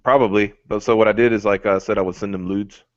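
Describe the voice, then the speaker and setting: A man's voice: fairly low pitch, steady tone, fast, no echo. A man chatting casually as a co-host, rambling through stories and laughing at them. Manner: rambling storyteller, laughing at his own stories. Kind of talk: casual chat. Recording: dry, dull lo-fi mic.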